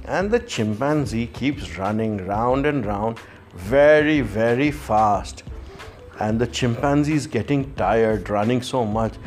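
A man's voice: medium pitch, lively intonation, slow pace, darkish tone, faint music behind. A man telling a playful children's story in the manner of a boxing commentator.

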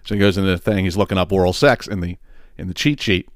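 A man's voice: deep voice, fast, dry recording, studio quality. A man hosting a podcast, telling a joke in a rambling, profane, laughing way. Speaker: podcast host. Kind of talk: casual comedic storytelling.

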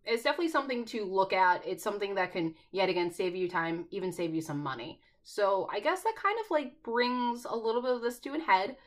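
A woman co-hosting a podcast, explaining her points in a measured, orderly way. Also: mid-range voice, animated. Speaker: podcast co-host. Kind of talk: casual podcast chat.

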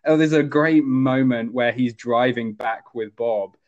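Man, casual movie chat, animated, mid pitch, dull lo-fi audio. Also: measured pace. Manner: animated, jumps to high voices when quoting characters. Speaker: podcast co-host. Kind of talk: casual film discussion.

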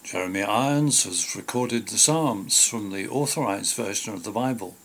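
A man presenting a radio programme, introducing items in a measured, plain way. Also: on the low side, a bit bright. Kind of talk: radio link announcements.

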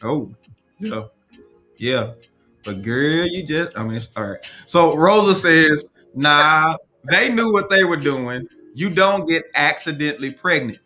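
A man's voice: on the high side, lively intonation, a little slow, bright, forceful tone, soft background music. A man hosting a casual live chat, reading viewer comments aloud and giving firm opinions.

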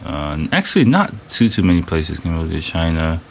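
A man's voice: low voice, very animated, normal speed, vocal fry, slight background noise. A man in his thirties hosting a casual solo podcast, loose and rambling, full of fillers, restarts and slang. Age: 30s. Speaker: podcast host.

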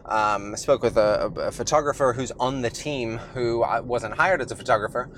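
A man's voice: medium pitch, moderate pace, fairly bright tone, a little hiss or hum. Casual man hosting a podcast. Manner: loose and conversational, many fillers and restarts. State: slightly out of breath after the gym. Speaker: podcast host. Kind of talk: casual solo podcast talk.

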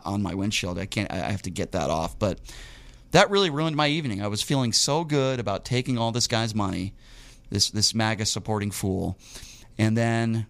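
Guy ranting through a story, gets loud and jumpy, casual chat. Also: fairly low pitch. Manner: animated, indignant storyteller, rising to bursts. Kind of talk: casual storytelling on a talk show. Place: Las Vegas local.

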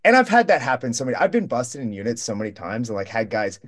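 A man's voice: mid-range voice, sing-song, fast talker, over a noisy crowd. A young man telling a long travel story in casual roundtable talk, rambling and profane, acting out the people he met in quoted lines. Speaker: roundtable guest.

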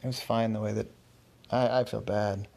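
Storyteller voices a nervous, over-apologetic young man with a gravelly, stammering delivery. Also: lowish voice, little pitch movement, moderate pace, darkish tone. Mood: anxious. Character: nervous anxious young man moving house.

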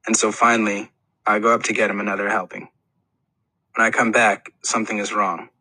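Man, audiobook narrator, earnest plain storytelling, low-pitched, bright edgy tone. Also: flat delivery, brisk, no room sound, rough recording. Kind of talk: first-person audiobook narration.

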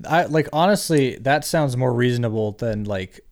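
A male podcast co-host in casual conversation. He talks in a mid-pitched voice, hedging and circling his points with lots of fillers. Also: lively intonation, normal speed. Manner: hesitant, filler-heavy. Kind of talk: casual chat.

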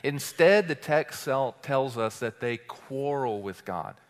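A man preaching as a teaching pastor, firing rhetorical questions at the congregation and swinging between loud declarations and quiet asides. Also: medium pitch, animated, slow pace. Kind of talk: sermon. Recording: long hall reverb.

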